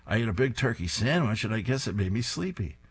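A lazy comic-strip husband rushing through his excuses in a quick, raised voice, as a man puts him on. The voice is husky and lively. It comes from a comic strip read aloud. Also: on the low side. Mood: sheepish excuses. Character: sleepy, excuse-making husband, grown man.

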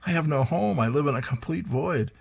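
A man's voice: a little high, a little fast, vocal fry, breathy edge, pitched above the performer's own voice. A man reading aloud and voicing a lonely 1940s comic-strip man who pleads earnestly and rambles. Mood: pleading.

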